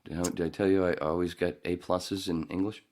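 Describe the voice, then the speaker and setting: A man's voice: low voice, fairly even intonation, a little fast, darkish tone. A man hosting a podcast in casual chat, joking, rambling and swearing freely. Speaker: podcast host.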